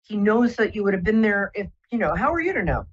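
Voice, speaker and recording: Female psychic host, gentle and reassuring, husky voice, dull broadcast audio. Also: medium pitch, very animated, fast. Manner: gentle, reassuring, rambling with many fillers. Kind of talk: live call-in psychic reading.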